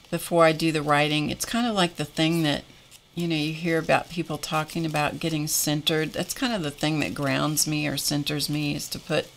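Lady chatting with viewers on her craft livestream, low voice, rambly, keeps restarting. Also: creaky, fairly bright tone, a little hiss or hum. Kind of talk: casual chat with live viewers.

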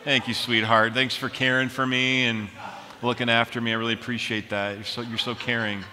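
Bright-voiced pastor in reverberant hall. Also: male voice, medium pitch, brisk. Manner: animated, self-mocking storyteller. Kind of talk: sermon with storytelling. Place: large church auditorium.

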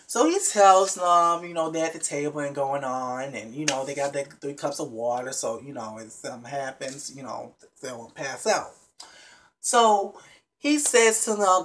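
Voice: medium pitch, lively intonation, moderate pace, a bit bright. A vlogger casually recapping a reality show episode for viewers, chatty and emphatic, with many restarts and frequent asides to the audience.

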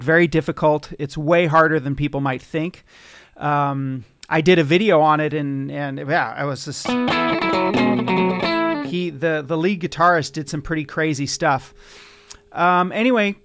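A man's voice: a little high, a bit bright, smooth. A man from California hosting a live guitar lesson, casual and chatty, greeting viewers between explanations. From Sacramento, California. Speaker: guitar teacher. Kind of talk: live-streamed guitar lesson with chat replies. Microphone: studio mic, a bit away from him.

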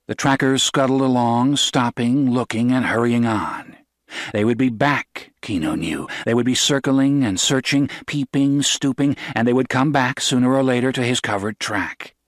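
A man reading a novel aloud in measured, steady audiobook narration. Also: medium pitch, no echo, clean studio sound. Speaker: audiobook reader.

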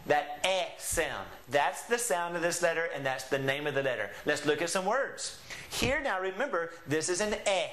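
A man with a somewhat high voice leads a classroom lesson, stretching out each model sound so learners can follow. His speech rings in an echoey room. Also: lively intonation, a bit bright. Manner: patient, drawn-out model pronunciations. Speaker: Spanish teacher.

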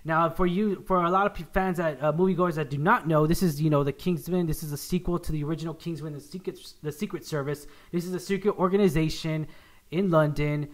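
A man's voice: fairly high pitch, steady tone, fast talker. A young man hosting a casual movie review chat, upbeat and rambling with many restarts. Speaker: podcast host.

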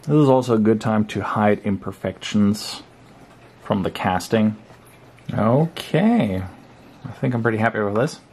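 Relaxed, low-voiced man narrating crafts. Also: measured pace, slight background noise. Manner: relaxed and chatty, with frequent fillers. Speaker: crafting vlogger. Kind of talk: casual hobby tutorial narration.

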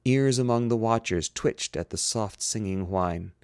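Here a man with a slightly mellow voice on the low side reads a science fiction novel at a measured pace as amateur audiobook narration. He stops occasionally to reread lines he fumbled. The sound is clean studio audio without room sound.

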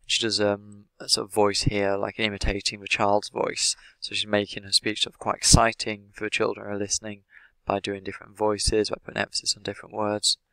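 A man with an English accent, an English teacher explaining the language of an interview in a measured way, with many "sort of" fillers. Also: fairly low pitch, completely flat delivery, sharp tone, clean tone, no echo. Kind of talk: explanatory lesson analysing an interview.

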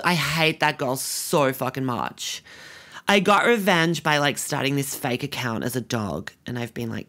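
A man's voice: mid-range voice, vocal fry, a bit bright. A man playing a vain, crude, self-obsessed young rich girl with a Sydney Australian accent, talking in a comedic vlog monologue full of "like" fillers. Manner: constant "like" fillers, bratty and self-absorbed.

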